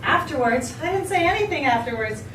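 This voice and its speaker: A woman's voice: high-pitched, animated, normal speed. An actress playing a melodramatic woman who narrates everything she says, in a theatrical, over-the-top manner. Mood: indignant. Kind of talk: stage play acting. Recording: echoey hall, distant mic, noisy.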